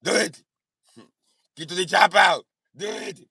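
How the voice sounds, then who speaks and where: A man putting on an Austrian accent to play a bossy, shouting tough guy who barks the same orders over and over. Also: sits high, a little slow, no room sound, studio quality, full character voice. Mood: barking orders. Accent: put-on Austrian. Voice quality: gravelly, barking. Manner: commanding, repeats orders, mock-macho.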